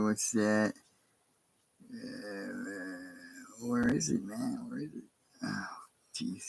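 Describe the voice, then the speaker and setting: A man's voice: fairly low pitch, creaky, slightly rough, dry recording. Rambling man, dry close sound. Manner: rambling, halting, informal. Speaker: pastor. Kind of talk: casual livestream talk.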